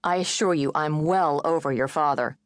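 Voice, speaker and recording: A weary middle-aged mother, tight-lipped and strained, holding her temper in a low, dry voice, as a female narrator reads her. Close audiobook recording with no room sound. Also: normal speed, no room sound, natural voice.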